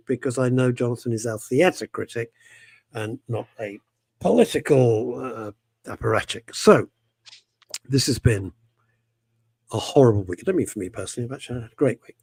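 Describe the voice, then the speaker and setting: A man's voice: medium pitch, a little mellow, slightly rough, dry recording. A man hosting a radio talk show, voicing his opinions with passion and a lot of emphatic repetition. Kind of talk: casual talk radio chat.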